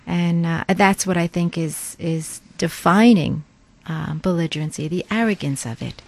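A woman co-hosting a radio talk show, speaking thoughtfully and pausing often as she works through her ideas. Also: fairly low pitch, vocal fry. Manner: thoughtful, hesitant with fillers.

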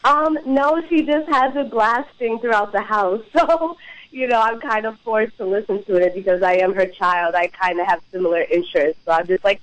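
A woman's voice: mid-range voice, moderate pace, no room sound. A woman in her twenties calling a radio show by phone, talking in a giggly, hesitant way with many fillers. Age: 20s. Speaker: caller. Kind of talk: call-in radio conversation. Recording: phone line.

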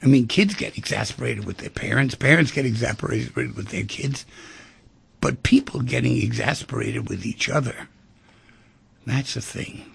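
In a reflective monologue about relationships, this middle-aged radio host speaks conversationally and acts out quoted voices in short scenes. His mid-range voice is gravelly with a breathy edge, delivered at a moderate pace.

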